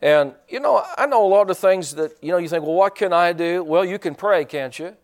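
A man's voice: high-pitched, a little fast. A man preaching a sermon in a folksy, joking way, restarting his sentences often. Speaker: pastor.

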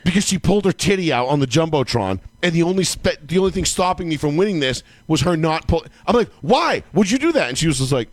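A man with a somewhat high voice, recorded dry and close on a studio mic. He tells stories in a casual, animated, profane way, jumping up in pitch as he acts out his own yelling. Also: quick pace, few pauses, no room sound. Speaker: podcast co-host. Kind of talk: casual sports talk storytelling.

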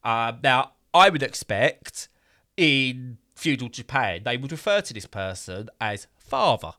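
A man's voice: mid-range voice, lively intonation, measured pace, bright, forceful tone. A man casually reviewing a game in a podcast chat, rambling with fillers and bursts of exasperation.

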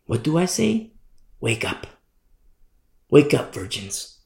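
A man's voice: medium pitch, sing-song, slow pace, gravelly. A male pastor preaching a fervent sermon, driving points home with repetition. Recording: roomy echo.

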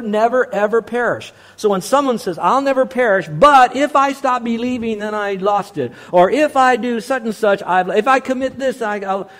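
A man preaching a sermon as a pastor, teaching verse by verse, swinging between quiet asides and emphatic repeated words. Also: a little high. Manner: emphatic preacher who drops soft and rises on repeated words.

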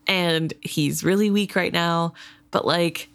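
A woman co-hosting a casual book discussion, animated and often exasperated, hedging with "I don't know". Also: fairly low pitch, slow pace, gravelly, clean tone. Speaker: podcast co-host.

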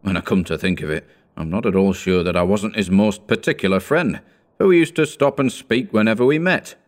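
A man's voice: fairly low pitch, a little fast, close to an everyday voice. A man voicing a fat, bored male merchant from a storybook, speaking in offhand, drawling banter.

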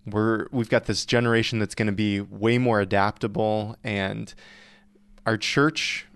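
A man co-hosting a podcast on youth ministry, talking through his points in an earnest, measured way. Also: on the low side, fairly even intonation, creaky, a bit bright, clear, resonant tone, no room sound. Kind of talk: casual podcast discussion.

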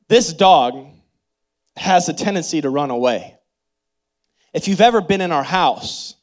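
A man in his thirties preaching a sermon as pastor, leading prayer and telling stories in an animated, expressive way. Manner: animated storytelling with big pitch swings and laughter; leads congregation in prayer and call-and-response.

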